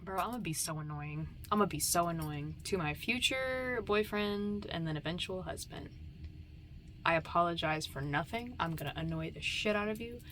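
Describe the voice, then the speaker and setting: A young female vlogger rambles playfully in a casual chat, her voice bright and forceful yet on the low side, at a moderate pace. Now and then she drops into a whisper, with faint background noise underneath.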